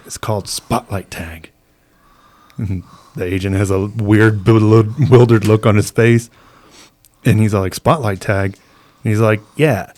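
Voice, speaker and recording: A man's voice: fairly low pitch, darkish tone. A man co-hosting a podcast, telling a long story in a laid-back, rambling way and acting out the people in it. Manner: laid-back, rambling, acts out quoted voices. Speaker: podcast co-host. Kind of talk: casual storytelling chat.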